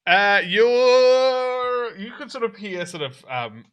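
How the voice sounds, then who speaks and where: A man's voice: very high voice, lively intonation, slow, fairly bright tone, clear, resonant tone, highs cut off. A man narrating as game master of a tabletop game, with many hesitant fillers. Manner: hesitant, full of fillers and laughs. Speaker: dungeon master.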